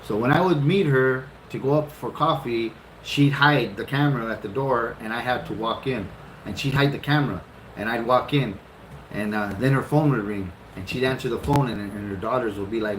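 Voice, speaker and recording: A man's voice: medium pitch, moderate pace. A man in his fifties casually tells how he met his wife, acting out his own reactions and swearing a lot. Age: 50s. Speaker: husband telling how the couple met. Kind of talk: casual storytelling. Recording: roomy echo with clear background noise.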